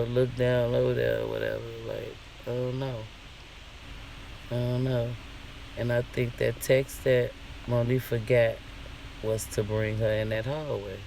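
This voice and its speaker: A man's voice: lowish voice, creaky, a little mellow, slight background noise. A man vlogging a casual, profane rant in an indignant, questioning way.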